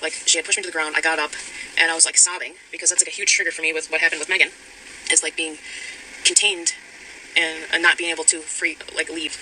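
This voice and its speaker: A woman's voice: sits low, level tone, fast talker, rough recording. A woman recounting a personal account in a voice note, hesitant, with many ums and restarts. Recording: voice note with loud background noise.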